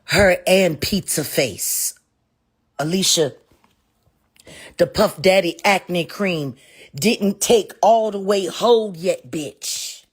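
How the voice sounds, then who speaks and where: A middle-aged woman giving a heated, profane live stream rant that swings between sharp insults and weary muttering. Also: on the low side, slow, husky.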